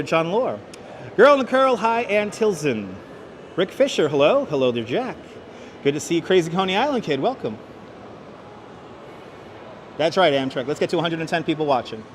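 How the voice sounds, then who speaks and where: A livestream host with a fairly high voice greets his viewers cheerfully while walking through city streets and a big indoor station hall, reading the chat out loud. He's on a wireless clip-on mic, with a little background noise.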